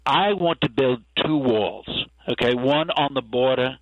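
A man's voice: mid-range voice, a little slow, no room sound, highs cut off, close to an everyday voice. A man doing an impression of a boastful, insulting male politician, repeating himself and tagging lines with a questioning "okay". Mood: boasting. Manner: tags nearly every sentence with a questioning okay, repeats himself. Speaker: comedic impressionist guest.

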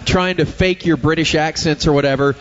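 A male radio host telling a story in casual on-air chat, animated. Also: a little high, fairly quick, muffled recording.

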